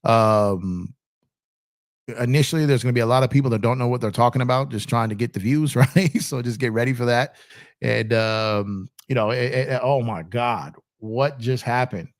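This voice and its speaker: A man hosting a sports live stream, chatting casually and reacting out loud in excited bursts while greeting viewers by name. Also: medium pitch, normal speed, dry recording, clean studio sound. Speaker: sports channel host.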